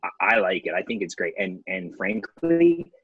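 A man's voice: sits low, very animated, normal speed, breathy edge, phone-quality sound, faint music behind. A man hosting a casual podcast over a video call, talking in an agreeable, breezy way. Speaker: podcast host. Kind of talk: casual chat.

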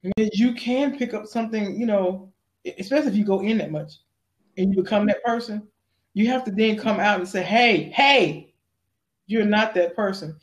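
An actress being interviewed, telling stories in a lively, animated way and acting out the voices of the people she quotes. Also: moderate pace. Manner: acts out quotes with big pitch jumps. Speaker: actress guest. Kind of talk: animated storytelling.

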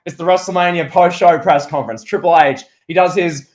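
A man co-hosting a casual wrestling podcast, talking in a rambling, excitable way with lots of restarts. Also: on the high side, quick pace, few pauses. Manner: rambling, excitable, full of restarts and playful impressions. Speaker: podcast co-host.

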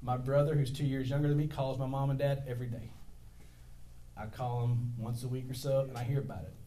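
In a church full of congregants, a middle-aged male pastor delivers a sermon in a medium-pitched, dark voice that moves little in pitch and stays brisk. His talk wanders into tangents, peppered with jokes at his own expense.

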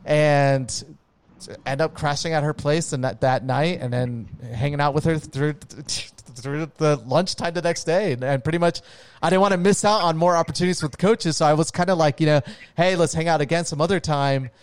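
A man's voice: on the high side, moderate pace, clear, resonant tone, no room sound. A man telling a long story in casual chat, rambling with lots of "like" and "dude" and casual swearing.

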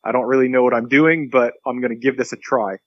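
A pastor being interviewed, telling a long story earnestly and acting out the quotes. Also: male voice, medium pitch, steady tone, quick pace, no room sound, dull audio.

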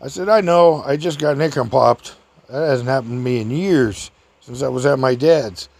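An older man casually telling a rambling personal story, chuckling often and raising his voice high to act out other people's lines. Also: normal speed, creaky, darkish tone, dry recording.

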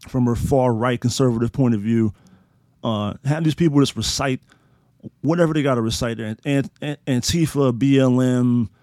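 A man delivers a solo commentary rant, swearing freely and mocking his targets with biting sarcasm. His voice sits at an ordinary pitch for a man. The recording is dry and close, with no room sound around him. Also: darkish tone, no room sound. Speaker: commentary host.

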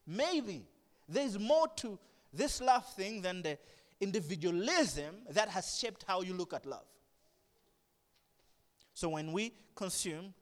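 A man preaching a sermon, animated, swinging from hushed asides to loud emphatic bursts. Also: sits high. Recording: long reverb of a large hall.

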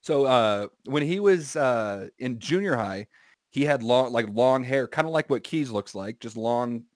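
A man's voice: medium pitch, expressive, a little slow, no echo, studio quality. Man rambling through a story. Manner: rambling anecdotes with swearing and self-corrections. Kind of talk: casual storytelling chat.

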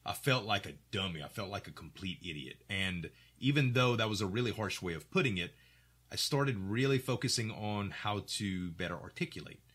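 Articulate man with a bright, lively voice. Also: fairly low pitch, moderate pace, breathy edge. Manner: articulate, animated storytelling with voiced quotes. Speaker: podcast host. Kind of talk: casual podcast chat.

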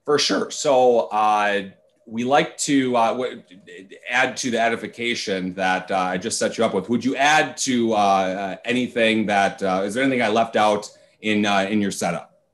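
A man hosting a podcast interview, speaking in a halting way with lots of filler words. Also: lowish voice, fairly bright tone. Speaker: podcast host. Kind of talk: casual interview chat.

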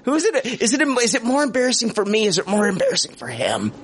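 A man hosting a casual podcast, talking in an animated, profane, mock-outraged way. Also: very high voice, quick pace, breathy edge. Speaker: podcast host.

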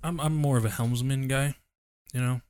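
A man's voice: medium pitch, fairly even intonation, normal speed, darkish tone, clear, resonant tone, dry recording. A man co-hosting a podcast, chatting casually in a laid-back, joking way. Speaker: podcast co-host.

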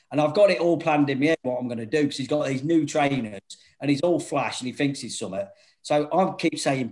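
A middle-aged man, his voice sitting a little high, rattling through wild stories in casual chat. He laughs through his words and swears freely as he tells them. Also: fast talker. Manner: laughing, swearing, animated storytelling.

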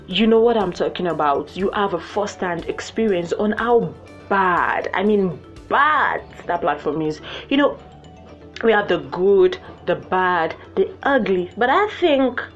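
A young woman hosting her own podcast in a playful, animated way, jumping to high excited exclamations. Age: young adult. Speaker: podcast host. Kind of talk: casual solo podcast chat. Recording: muffled lo-fi with faint music.

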